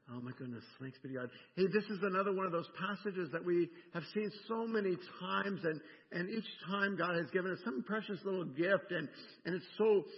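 An older American man preaching a sermon, emphatic and repeating words as he explains scripture. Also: on the high side. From United States. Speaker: pastor. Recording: dull sound with long reverb in a hall.

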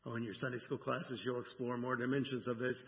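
A man's voice: mid-range voice, little pitch movement, fast, a little hiss or hum. A male pastor preaching a sermon in a conversational way, often asking "right?" and acting out the lines he quotes. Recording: dull sound with long hall reverb.

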